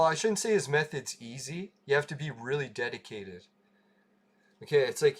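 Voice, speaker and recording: A man hosting a casual livestream, telling a rambling story, laughing and swearing freely. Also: medium pitch. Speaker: livestream host.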